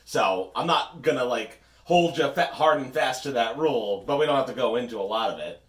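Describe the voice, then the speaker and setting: A man's voice: medium pitch, lively intonation, fairly quick, fairly bright tone. A man co-hosting a casual podcast, rambling through wry asides. His voice sits in a middle range. The room has a noticeable echo. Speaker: podcast co-host. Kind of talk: casual chat.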